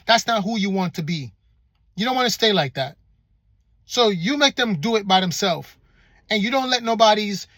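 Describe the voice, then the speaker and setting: A man's voice: high-pitched, fairly bright tone, dry recording. A man giving a motivational relationship vlog monologue, assertive, firm and passionate, with lots of repeated rhetorical questions. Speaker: relationship vlogger.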